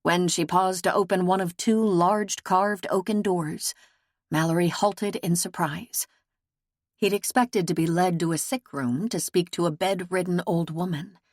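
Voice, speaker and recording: A woman reads an audiobook in a measured, steady way with a fairly low voice. The recording is close and dry, with no room sound. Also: no echo. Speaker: audiobook narrator. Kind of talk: scripted audiobook narration.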